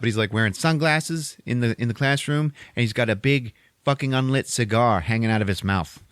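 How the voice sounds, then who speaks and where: A man with a low-pitched voice recaps a film on his podcast, swearing constantly and lively as he acts out bits of each scene. His voice is close and dry, with no room sound around it. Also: dry recording. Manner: profane, animated retelling with put-on character voices. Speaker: podcast host. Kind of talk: casual movie recap.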